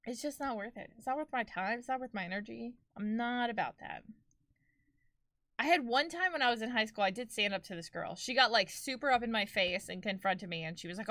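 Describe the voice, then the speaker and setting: A woman's voice: mid-range voice, sharp tone, no room sound, clean studio sound. A young woman streaming and chatting with her viewers, telling stories casually and laughing often. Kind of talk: casual chat with live chat.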